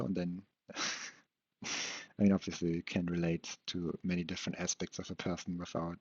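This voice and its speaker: A young man with a very deep, husky voice rambles through an unscripted monologue, stalling, restarting and second-guessing himself. He swears casually as he thinks out loud. The recording is dull and lo-fi, with a dry, close sound. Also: flat delivery, no echo. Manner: hesitant, halting, self-questioning, swears casually. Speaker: vlogger.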